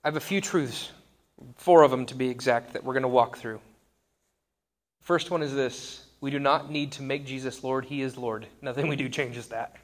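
A man's voice: medium pitch, normal speed. A man in his thirties giving a conversational sermon, wry and self-deprecating. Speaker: pastor.

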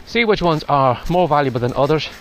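A man's voice: fairly high pitch, animated, brisk. A man hosting a casual walking vlog outdoors in the wind, slightly out of breath as he gives chatty advice. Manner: chatty, advisory. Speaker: podcast host. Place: outdoors in strong wind and rain.

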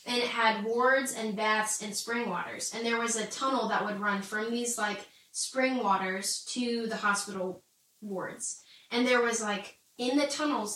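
A woman's voice: fairly high pitch, fairly bright tone, far from the mic. Chatty woman in an echoey room. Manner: chatty, laughs often, many "like"s. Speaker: Bible study co-host. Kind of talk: casual Bible discussion. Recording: echoey room, off-mic, faint noise.

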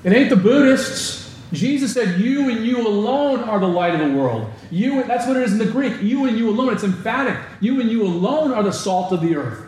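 A man preaching a sermon as pastor, asking the congregation rhetorical questions and moving between emphatic raised lines and slow, low stresses. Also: lively intonation, darkish tone. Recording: very echoey hall, faint background noise.

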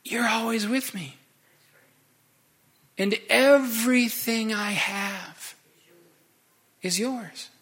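A man's voice: fairly high pitch, expressive, unhurried, few pauses, bright, forceful tone. A man voicing a loving father in a retold story, pleading and tender.

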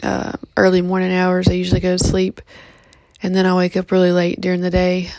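A sleepy woman gives a casual update from home, her speech halting and full of ums and restarts. Her voice is gravelly and fairly flat in tone. The recording is close and dry. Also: fairly low pitch, dry recording. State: just woke up, yawning. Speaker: vlogger giving a pet health update.

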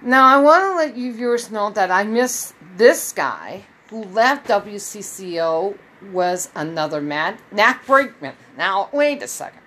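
A woman's voice: mid-range voice, sing-song, measured pace, hardly any pauses, fairly bright tone, low-quality recording. Rambling woman telling a long story. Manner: rambling, with frequent restarts and quoted dialogue. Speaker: vlogger. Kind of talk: casual storytelling to viewers.

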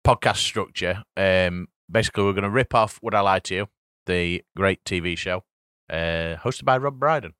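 A man's voice: low voice, moderate pace, few pauses, a bit bright, clear, resonant tone, no echo, clean studio sound. A man hosting a casual podcast, laughing and swearing as he explains a party game. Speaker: podcast host. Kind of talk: casual chat.

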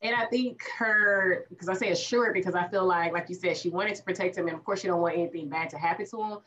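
A woman co-hosting a casual podcast, animatedly retelling a TV episode with drawn-out asides. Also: fairly low pitch, a bit bright, slight background noise. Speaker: podcast co-host. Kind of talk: casual chat recapping a TV episode. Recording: distant, dull lo-fi sound.

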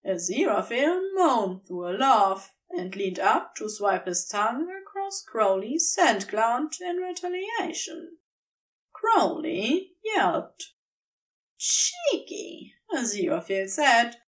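Brief: female audiobook-style narrator, unhurried and animated in pitch. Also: far from the mic. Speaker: podfic reader. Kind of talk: scripted narration.

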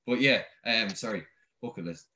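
A man's voice: lowish voice, moderate pace, sharp tone. A young Irish man in casual chat, easygoing and teasing, swearing now and then.

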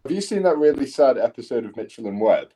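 A man's voice: mid-range voice, very animated, fast, mellow, breathy edge. A man chatting casually on a podcast, a tattoo artist telling rambling, sweary stories. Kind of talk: casual chat.

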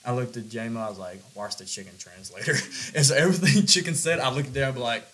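A man's voice: mid-range voice, lively intonation, fast talker, a bit bright. A young man with a Southern US accent, a podcast co-host telling stories in casual chat, laid-back and laughing often. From Georgia, US.

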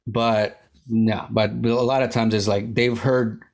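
A stand-up comic, male, with a fairly low voice, talking shop in a loose podcast chat. He rambles, swears freely and acts out the lines of people in his stories. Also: flat delivery, takes it slowly, vocal fry. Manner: rambling, profane storytelling with acted quotes. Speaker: stand-up comedian, guest.

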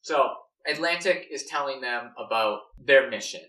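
A young man casually brainstorming a story, rambling with many fillers and animated restarts, recorded roomy and off-mic. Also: mid-range voice, moderate pace, distant mic. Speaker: story co-writer.

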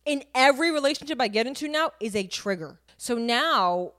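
A woman's voice: high voice, animated, fairly quick, fairly bright tone. Chatty young woman telling a story. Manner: chatty, filler-heavy, vivid storytelling. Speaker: podcast co-host. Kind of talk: candid casual chat.

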